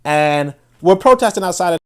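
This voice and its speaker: Brooklyn man hosting a livestream, high-pitched, emphatic, repeats phrases for weight. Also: animated, moderate pace, smooth. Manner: emphatic, repeats words when building a point; reads viewer comments aloud. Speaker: livestream host. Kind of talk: casual livestream commentary.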